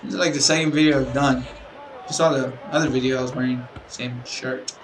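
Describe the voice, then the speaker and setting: A man's voice: mid-range voice, steady tone, brisk, recorded from a distance, a little hiss or hum, rough recording. A man giving casual let's-play commentary as a gaming YouTuber, rambling, apologetic and tired. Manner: rambling, chatty, apologetic, chuckles to himself. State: tired, yawning. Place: room at home with a window open.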